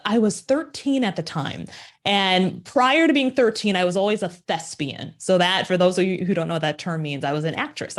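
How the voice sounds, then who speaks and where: Expressive woman telling stories on a podcast. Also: lowish voice. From Minnesota, USA. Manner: energetic, expressive storyteller with rhetorical questions. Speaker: podcast guest, agency founder. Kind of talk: casual interview storytelling.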